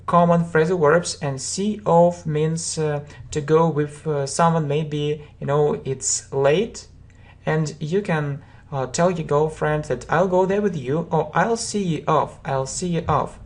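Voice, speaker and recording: A woman's voice: low-pitched, a little mellow. A woman teaching English, reading out verb forms and example sentences and explaining them patiently, with frequent "you know" and "uh" fillers.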